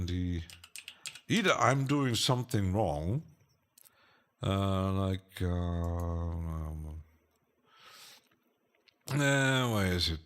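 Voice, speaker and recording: A man's voice: lowish voice, a bit bright. A man hosting a casual live stream, chatting hesitantly with lots of fillers and little chuckles as he answers his chat.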